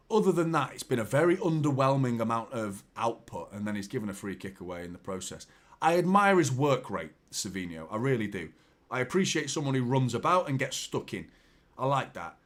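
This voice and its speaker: Sweary football fan commentating a live match. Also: male voice, mid-range voice. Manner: swearing, exasperated, animated fan chatter. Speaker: fan watchalong host.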